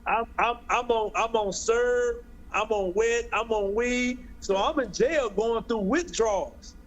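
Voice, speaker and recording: A man's voice: very high-pitched, measured pace, fairly bright tone, dull audio. A man telling a personal story in an interview, earnest, often repeating and restarting phrases. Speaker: guest speaker.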